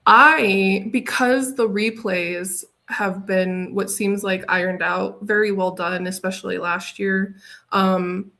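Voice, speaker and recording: A woman guest in a casual podcast chat, reflective and halting, with many fillers and sudden lifts in pitch. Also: fairly even intonation, vocal fry, bright, forceful tone. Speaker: podcast guest, design software user group leader.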